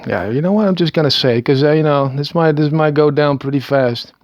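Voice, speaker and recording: A man's voice: fairly high pitch, fairly quick, no echo, muffled recording. A Dutch man in his thirties with a Dutch accent, talking in a hesitant, rambling monologue full of stammered restarts and small chuckles. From Netherlands. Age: 30s. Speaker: video maker. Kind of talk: rambling self-recorded monologue.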